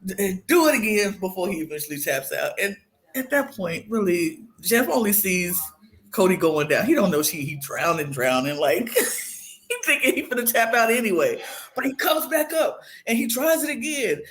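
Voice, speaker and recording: Animated slangy woman podcast co-host. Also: medium pitch, moderate pace. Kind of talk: casual podcast chat.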